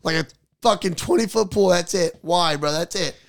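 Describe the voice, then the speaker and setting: A young man hosting a podcast, telling animated, profanity-filled childhood stories to his friends and acting out the people in them. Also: high-pitched, normal speed, vocal fry, no room sound, clean studio sound. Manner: animated, swears a lot, acts out voices in his stories. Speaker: podcast host. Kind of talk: casual storytelling among friends.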